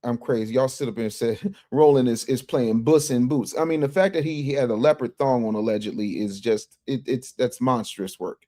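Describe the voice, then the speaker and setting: A man hosting a casual livestream, reading viewer chats and commenting in an animated, emphatic way that repeats phrases and restarts often. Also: medium pitch, normal speed, few pauses. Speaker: livestream news commentary host.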